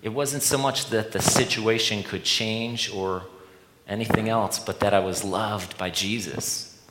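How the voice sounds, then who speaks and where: A man's voice: fairly low pitch, fairly even intonation, measured pace, noisy background. A man preaching an earnest sermon to a church gathering, repeating a refrain and often restarting his words. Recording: echoey hall with long reverb.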